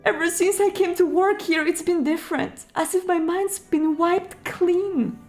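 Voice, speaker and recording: A woman's voice: sits high, a little slow, soft background music. A woman reading a fragile woman on an intercom. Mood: shaky. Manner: shaky, tearful, wistful.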